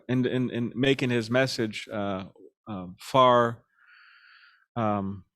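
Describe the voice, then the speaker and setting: A man giving a devotional class, speaking in a halting way with many fillers and restarts, chuckling now and then as he tells stories. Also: mid-range voice, fairly bright tone. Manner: chuckles while telling stories.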